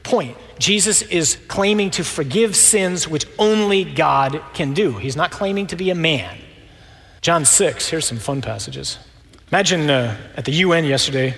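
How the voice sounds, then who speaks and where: A man preaching a sermon, lively and conversational, acting out the voices of the people in the scripture stories. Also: on the high side, moderate pace, long reverb tail.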